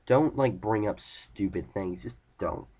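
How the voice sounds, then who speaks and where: A man's voice: fairly low pitch, measured pace, darkish tone. A teenage boy ranting casually to camera, rambling and irritated, retelling conversations with friends. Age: teens. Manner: rambling, irritated, talks in retold dialogue. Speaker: vlogger.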